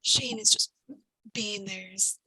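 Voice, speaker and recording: A woman's voice: medium pitch, level tone, slow, bright, forceful tone, breathy edge, no echo, low-quality recording. A woman playing a tabletop game, hesitant and wry. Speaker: player. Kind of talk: casual tabletop play.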